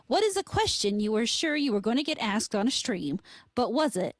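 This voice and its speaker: A woman's voice: a little high, big pitch swings, brisk, no room sound. A woman co-hosting a podcast, reading out listener questions with hesitant fillers between them. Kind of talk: casual podcast chat.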